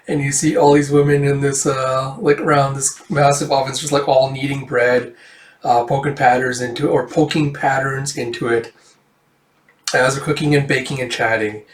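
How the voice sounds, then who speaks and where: A man's voice: medium pitch, little pitch movement, moderate pace, slight background noise. Rambling man reading a comic aloud. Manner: rambling, filler-heavy retelling. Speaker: comic reader. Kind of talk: casual comic read-aloud. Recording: roomy echo.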